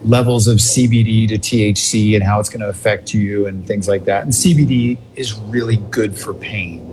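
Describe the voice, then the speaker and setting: A middle-aged man casually telling a long, rambling, animated anecdote, laughing now and then. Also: lowish voice, a little hiss or hum. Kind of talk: casual chat.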